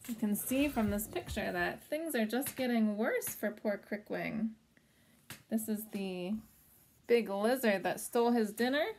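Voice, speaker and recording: Gentle woman reading a picture book. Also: mid-range voice, measured pace, a little hiss or hum. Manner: gentle, stops to chat about the pictures. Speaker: storybook reader for children. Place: home.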